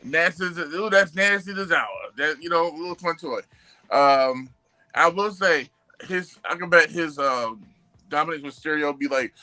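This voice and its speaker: A young man co-hosting a podcast, talking in an animated, slangy way and repeating his phrases. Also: fairly high pitch, moderate pace, poor audio. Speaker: podcast co-host. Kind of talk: casual chat.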